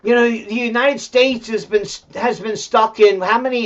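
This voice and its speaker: A man's voice: very high voice, steady tone, moderate pace, few pauses. A male host giving a rambling, profane political rant full of fillers and restarts, and talking aside to his dog at home. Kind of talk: solo political commentary rant. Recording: dull lo-fi sound.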